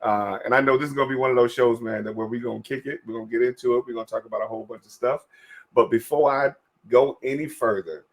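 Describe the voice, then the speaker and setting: A man in his forties hosting a casual interview show, excitable, laughing often and repeating his words. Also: mid-range voice. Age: 40s. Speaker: podcast host.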